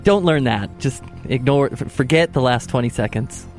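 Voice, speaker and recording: A man's voice: mid-range voice, expressive, moderate pace, darkish tone, faint music behind. Dry, terse male radio co-host. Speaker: radio co-host reading news items. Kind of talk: casual radio banter.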